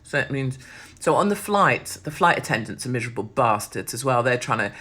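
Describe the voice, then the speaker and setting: A woman's voice: very deep voice, expressive, brisk, fairly bright tone, slightly rough. A woman, hosting a blunt, sweary, sardonic monologue. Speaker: host. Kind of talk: casual monologue.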